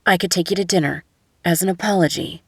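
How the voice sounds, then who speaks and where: A woman's voice: fairly low pitch, quick pace, husky, dry recording, studio quality. A woman doing a flustered apologetic man.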